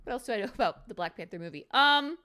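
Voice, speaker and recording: Woman streamer, goofy card review, bright crisp tone, a bit high. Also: lively intonation, quick pace. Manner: goofy, playful, silly threats and jokes. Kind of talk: casual card review commentary.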